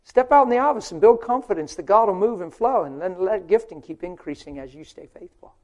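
A man preaching a sermon, asking rhetorical questions and swinging from loud, driving emphasis to hushed storytelling. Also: high voice, lively intonation, fairly quick. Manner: asks the crowd rhetorical questions.

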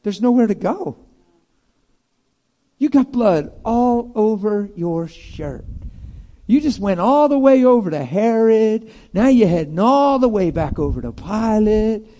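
A male preacher giving a sermon in an animated, emphatic way, swinging between loud and hushed. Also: sits high, a little slow.

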